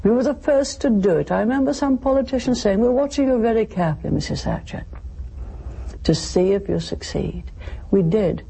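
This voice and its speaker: A radio host doing an impression of an elderly British woman prime minister, speaking slowly and emphatically in a put-on British accent. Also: high voice, vocal fry, warm tone, slightly rough, voice pushed up, full character voice, low-quality recording. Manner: slow, measured, emphatic oratory.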